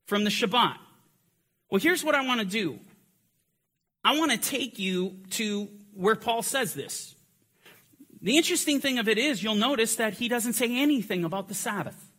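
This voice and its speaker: Guy teaching bible stuff, pretty high voice, gets worked up and punchy. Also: slightly rough. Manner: emphatic, building to forceful climaxes. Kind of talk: teaching lecture.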